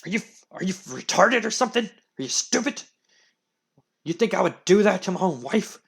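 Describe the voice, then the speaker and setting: A man voicing an angry, shouting male wrestling company owner who hurls insults. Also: medium pitch, fairly quick, lightly acted. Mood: angry, scornful.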